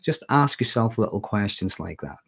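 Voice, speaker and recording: Low-voiced Northern Irish man chatting. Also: animated, moderate pace, creaky, slightly rough. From Northern Ireland. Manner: conversational, checks in with "okay?". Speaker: mental health livestreamer. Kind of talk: casual livestream talk.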